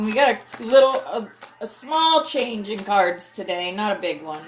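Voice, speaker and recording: A woman hosting a spiritual class who sounds hoarse and scratchy, talking in a lively way and saying affirmations aloud. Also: a little high, takes it slowly, pauses often, faint music behind. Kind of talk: casual livestream class, reading affirmation cards.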